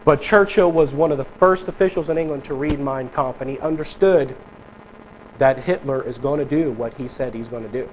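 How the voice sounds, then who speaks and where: A man's voice: medium pitch, normal speed, slight background noise, low-quality recording. A man preaching a sermon in a conversational, emphatic way, talking with his congregation and reading quotes aloud. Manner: conversational, emphatic, mock voices for politicians. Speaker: pastor. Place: church sanctuary.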